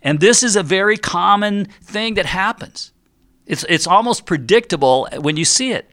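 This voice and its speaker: Bright, chatty middle-aged male radio host. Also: sits high, lively intonation, moderate pace. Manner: chatty and playful, acts out investors' worries in quoted voices. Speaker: radio show host and retirement planner. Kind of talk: casual financial radio talk.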